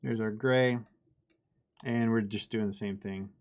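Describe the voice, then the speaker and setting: Male streamer, casual tutorial delivery, self-deprecating, gravelly edge. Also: on the low side, fairly even intonation, a little slow, darkish tone. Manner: chatty, self-deprecating, laughs easily. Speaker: miniature painting streamer. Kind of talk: casual live painting tutorial.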